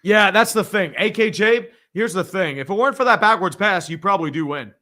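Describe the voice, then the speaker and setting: A man hosts a live reaction stream and talks in a blunt, profane, opinionated way. His voice sits a little high for a man and has a bright, forceful edge. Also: lively intonation. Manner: blunt and profane, quick opinions, frequent laughs. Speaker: livestream host reading viewer donations.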